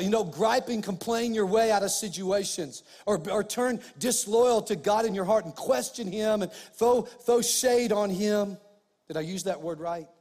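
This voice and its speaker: A middle-aged male pastor preaching a sermon, animated, swinging between loud emphasis and quiet asides. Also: sits high, big-room sound.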